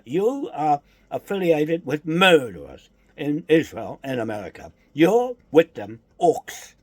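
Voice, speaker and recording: A man's voice: fairly high pitch, a little mellow, dry recording. A man delivering an angry, accusatory political rant, repeating his charges with heavy emphasis.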